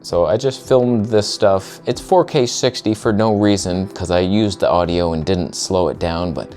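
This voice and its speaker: A man narrating his own video footage in a casual, sarcastic, self-mocking way with quick asides. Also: deep voice, a little mellow, faint music behind. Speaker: photographer vlogger.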